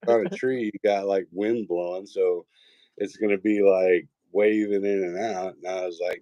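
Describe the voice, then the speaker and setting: A man's voice: low voice, fairly even intonation, normal speed, warm tone, dry recording, dull audio. A man, telling rambling, profane stories in a casual chat. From Texas. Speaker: host.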